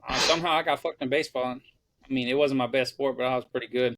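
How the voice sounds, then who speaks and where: A man's voice: mid-range voice, fast, no echo. Young man telling profane stories, dry sound. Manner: profane, animated storyteller acting out quotes. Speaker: podcast co-host. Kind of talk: casual chat, storytelling.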